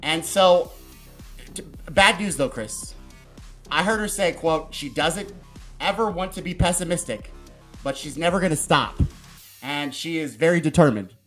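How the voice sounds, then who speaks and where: A man hosting a casual political talk show, ranting in an animated, profane way. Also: fairly high pitch, measured pace, soft background music. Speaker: podcast host.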